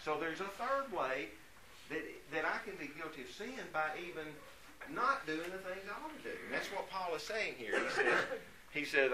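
A man teaching a Bible study class, earnest and conversational, growing louder when he reads scripture aloud. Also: on the high side, very animated, normal speed, background noise. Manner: earnest, rises in volume when reading scripture.

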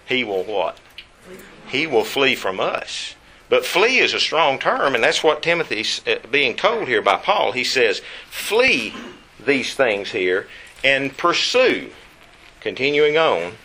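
Man, preacher, bright voice, emphatic sermon delivery, slight background hiss. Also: medium pitch. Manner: emphatic, slows to stress words. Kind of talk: Bible lesson sermon.

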